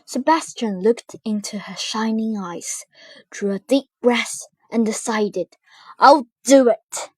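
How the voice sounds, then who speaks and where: A woman narrating a children's storybook in an expressive storytelling manner. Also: fairly high pitch, slow pace, slightly rough, dry recording.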